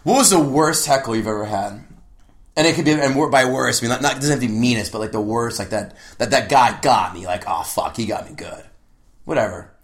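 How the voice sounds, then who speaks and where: A man, a comedian, telling stories in casual chat, bursting into loud impressions. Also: medium pitch, fast. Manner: animated storyteller who shouts impressions.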